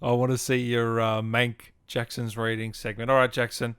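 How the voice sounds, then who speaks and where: A relaxed, easygoing man co-hosting a film podcast and wrapping up the episode. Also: medium pitch, moderate pace, smooth, no echo. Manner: relaxed, easygoing, laughs easily. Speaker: podcast co-host. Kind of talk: casual podcast chat.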